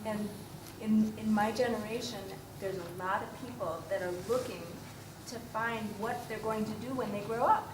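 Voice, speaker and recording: A woman's voice: medium pitch, background noise. Candid woman in her thirties, distant. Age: 30s. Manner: candid, slightly halting. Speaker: congregant sharing a reflection. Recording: echoey room picked up from far off.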